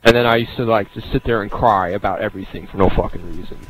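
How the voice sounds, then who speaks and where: A man's voice: fairly low pitch, fast, rough recording. A young man chatting casually while gaming, crude and self-mocking, swearing a lot. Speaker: gamer.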